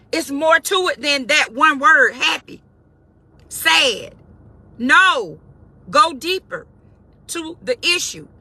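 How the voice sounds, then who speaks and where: Woman, high bright voice, emphatic spiritual pep talk, repeats herself for emphasis. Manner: emphatic and conversational, repeats key phrases. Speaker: faith-based motivational speaker. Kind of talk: informal spiritual encouragement talk.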